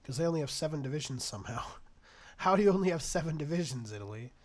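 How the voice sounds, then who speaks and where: A man's voice: a little high, lively intonation, quick pace. Exasperated young man narrating a strategy game. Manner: exasperated, sarcastic, talks to the game's nations. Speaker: gaming YouTuber. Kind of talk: casual let's-play commentary.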